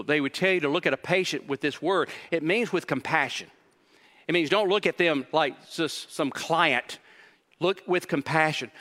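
A man's voice: a little high, a bit bright. A man preaching a sermon as pastor, emphatic and building intensity, repeating key phrases for weight. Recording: reverberant hall.

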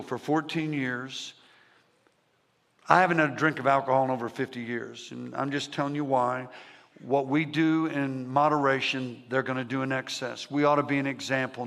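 A man's voice: medium pitch, vocal fry, fairly bright tone. Older man preaching in a reverberant hall. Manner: emphatic storytelling with dramatic pauses. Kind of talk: testimony sermon. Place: large church sanctuary. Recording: long reverb of a large hall.

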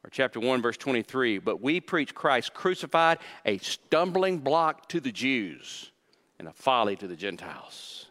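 A man pastor preaching a sermon, animated and acting out quoted voices, often repeating words for emphasis. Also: a little slow. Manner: animated, acts out quoted voices with rising pitch; repeats words when stressing a point.

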